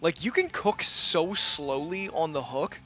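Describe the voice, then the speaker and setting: A man's voice: on the high side, animated, measured pace, pushed and bright, soft background music. A man ranting angrily in a gaming commentary video, blunt and full of profanity.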